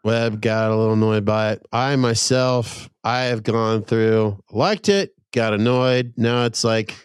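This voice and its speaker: A man's voice: fairly low pitch, measured pace, clear, resonant tone, no echo, clean studio sound. Laid-back middle-aged male podcast host. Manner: laid-back, swears, reads outro plug. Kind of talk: casual chat.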